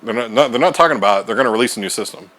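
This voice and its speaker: A man's voice: medium pitch, expressive, rapid-fire, a bit bright, a little hiss or hum. Joking man co-hosting a game stream. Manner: joking storyteller, acts out quotes. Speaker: co-host. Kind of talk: casual gaming stream chat.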